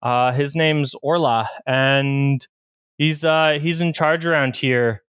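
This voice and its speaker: A man's voice: mid-range voice, steady tone, takes it slowly, a bit bright, clean tone, no echo, voice pushed up. A man voicing a nervous young wannabe trainer who stammers, denies everything and brags. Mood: boastful. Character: jittery young male wannabe trainer, boastful liar.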